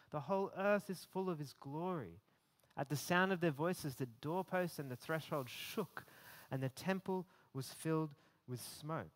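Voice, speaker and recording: A man giving a conversational sermon, often repeating words as he builds emphasis. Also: a little high. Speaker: preacher.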